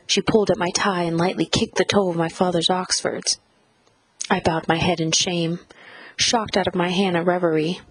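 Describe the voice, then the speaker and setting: A woman narrating a first-person audiobook in a measured, reflective reading style. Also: fairly low pitch, breathy edge, no room sound, rough recording.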